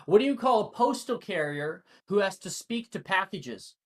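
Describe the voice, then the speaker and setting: A man's voice: sits high, lively intonation, moderate pace, voice pushed up. A man voicing a cocky young male wizard who jokes during a duel. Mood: playful. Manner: playful, joking.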